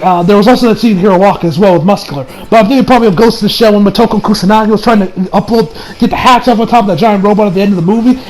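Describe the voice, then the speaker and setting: High gravelly-voiced excitable man reviewing. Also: a little hiss or hum, rough recording. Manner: rambling, slangy, excitable, laughs a lot. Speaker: anime reviewer. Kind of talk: casual episode review.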